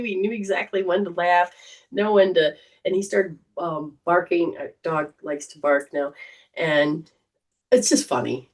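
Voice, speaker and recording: A woman's voice: on the low side, unhurried, distant mic. A woman hosting a casual livestream as a psychic reader, talking in a chatty, rambling way. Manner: chatty, rambling, warm storytelling.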